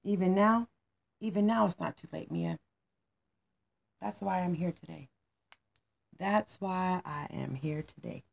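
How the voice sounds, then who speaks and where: A woman voicing a blunt, angry male money manager who scolds and lectures with raised, pitched-up intensity. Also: unhurried, gravelly, pauses often. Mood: earnest.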